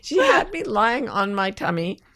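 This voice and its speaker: A middle-aged woman co-hosting a podcast, telling a personal story in a casual, animated way. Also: mid-range voice, measured pace, no echo. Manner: animated storyteller, laughs through her own anecdotes. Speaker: podcast co-host.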